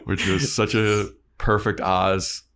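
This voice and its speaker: A man's voice: lowish voice, slow pace. A man co-hosting a casual podcast, retelling an episode and acting out the characters' lines. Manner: animated storyteller who acts out quotes in voices. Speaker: podcast co-host recapping a TV episode. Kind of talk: casual chat.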